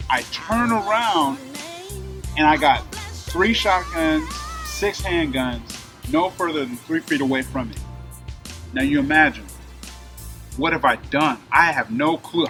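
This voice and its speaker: A man with a bright, forceful voice, a little higher than most, recounts a personal story in relaxed conversation. He acts out the exchanges as he goes, and faint music runs quietly in the background. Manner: animated retelling, acting out shouted dialogue. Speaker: guest telling his story.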